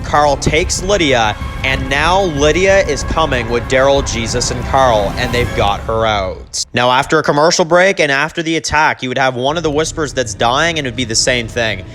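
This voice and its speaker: A man in a mid-pitched voice talks through a TV episode the way he would rewrite it. His delivery is loose and rambling, padded with "you know" and "like." He reads the characters' lines in his normal voice, and faint music plays underneath. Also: moderate pace, few pauses, a bit bright. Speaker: TV episode reviewer. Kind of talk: casual recap and rewrite of a TV episode.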